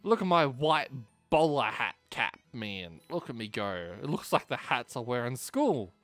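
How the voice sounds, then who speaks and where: An excitable man narrating a let's play in a casual, exclaiming way, with a very lively pitch that jumps all over. He swears and reacts loudly to what he sees. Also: a little slow, no room sound, faint music behind. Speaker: gaming streamer.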